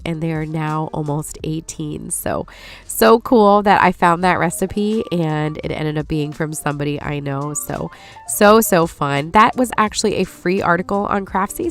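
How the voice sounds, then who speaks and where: A woman in her forties with a stuffy, nasal voice from allergies, chatting viewers through a recipe as a lifestyle host. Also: fairly low pitch. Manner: chatty, apologetic, warm asides to viewers. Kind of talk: casual recipe voice-over. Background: soft background music.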